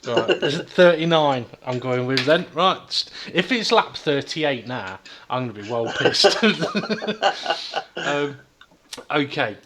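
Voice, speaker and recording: A man from the UK hosting a casual podcast chat over a call, hesitant with many ums and quick laughs. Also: fairly high pitch, lively intonation, noisy background. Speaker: podcast host.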